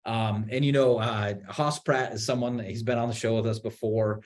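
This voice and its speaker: A man on a video call webinar, explaining real estate marketing in an animated way, with many restarts and repeated words. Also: mid-range voice, moderate pace. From Utah. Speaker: marketing executive guest.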